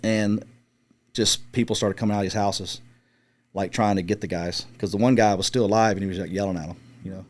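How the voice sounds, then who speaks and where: A man's voice: fairly low pitch, steady tone, a little fast. A middle-aged man, a former military sniper, casually telling a long story in an interview and swearing freely as he acts out the radio calls. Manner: profane, laid-back storyteller acting out radio calls. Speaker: guest, former Marine scout sniper.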